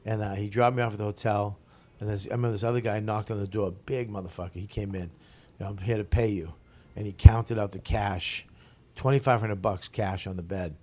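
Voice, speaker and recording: A male stand-up comedian tells stories in a relaxed interview, swearing freely along the way. He acts out the lines of the other people in his stories as he goes. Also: on the low side, a little fast. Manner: profane, animated storyteller who acts out other people's lines. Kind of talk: casual storytelling interview.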